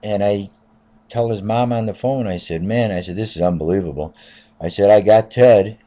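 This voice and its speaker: Low, mellow-voiced man in his fifties telling a story. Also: normal speed. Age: 50s. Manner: rambling, repeats "I said" and "uh". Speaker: taxi driver. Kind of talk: casual spoken storytelling.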